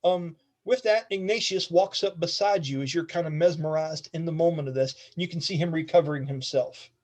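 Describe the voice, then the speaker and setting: A man's voice: fairly high pitch, brisk, a little mellow. A man narrating a tabletop game as game master, casual and rambling, often laughing.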